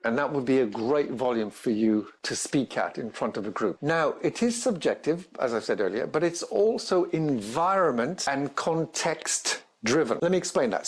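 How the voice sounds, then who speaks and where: A man giving a presentation skills tutorial in an energetic, emphatic way, stressing each point in his lists. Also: medium pitch.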